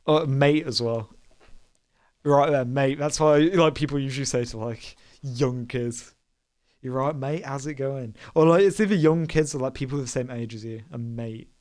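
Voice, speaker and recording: A man's voice: medium pitch, moderate pace, a little mellow. A young man streamer chatting casually while gaming, rambling with lots of fillers and frequent laughter. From Britain. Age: young adult. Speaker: game streamer.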